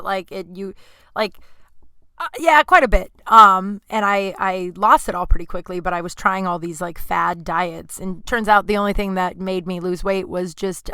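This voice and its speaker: A woman in her thirties hosts a podcast from her home apartment, rambling through casual stories full of fillers and asides. Her medium-pitched voice has a sharp, clear, resonant tone, captured in a dry recording.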